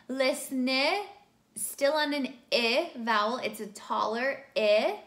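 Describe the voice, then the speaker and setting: High-voiced woman teaching singing, unhurried. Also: fairly bright tone. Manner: explains vowels clearly, then demonstrates them by singing. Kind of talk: vocal lesson with sung examples. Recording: roomy sound with faint music behind.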